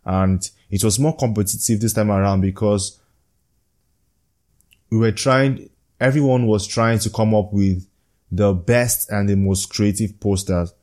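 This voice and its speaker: A man's voice: lowish voice, a little slow, darkish tone. A young man earnestly telling a personal story from a leadership program, reflective and often chuckling.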